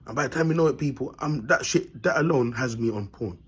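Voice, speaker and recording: A man's voice: mid-range voice, fast talker, slightly rough. A man, vlogging in a blunt, rambling monologue full of street slang and frequent laughter. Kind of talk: casual monologue to camera.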